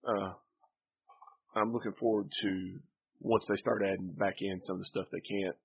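A man's voice: low voice, level tone, moderate pace, creaky, muffled recording, a little hiss or hum. A man chatting casually as a podcast co-host, laid-back and rambling. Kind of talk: casual chat.

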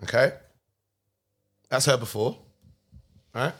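Husky-voiced young man hosting a podcast. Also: mid-range voice, a bit bright. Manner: teasing, playful, quick to laugh. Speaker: podcast host. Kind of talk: casual comedy chat.

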